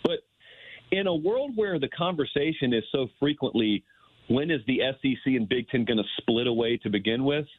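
A man calling in as a guest analyst on sports talk radio, thinking aloud in a measured way. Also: mid-range voice, animated, dry recording. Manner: thoughtful, measured, wondering aloud. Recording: tinny phone line, dry.

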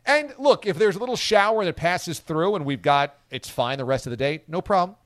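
A man's voice: sits high, expressive, fairly quick, a bit bright, dry recording, clean studio sound. A man hosting a sports radio show, chatting casually with his co-hosts and reading listener messages aloud with playful emphasis.

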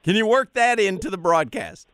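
A man chatting casually and enthusiastically, pitching fun lines to a guest and laughing easily. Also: lively intonation, normal speed, a bit bright, a little hiss or hum. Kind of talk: casual phone chat.

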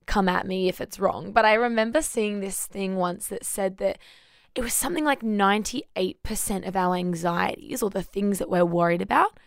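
Brief: woman podcast co-host, lively anecdotal storyteller, mid pitch, close dry mic. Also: normal speed, gravelly, no room sound. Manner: animated storytelling, laughs often. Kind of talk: casual faith podcast chat.

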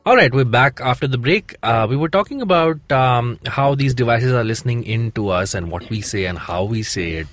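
Podcast host, man from India, relaxed rambling delivery, mid pitch. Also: normal speed, hardly any pauses. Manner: easygoing, rambling with fillers. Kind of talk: casual chat.

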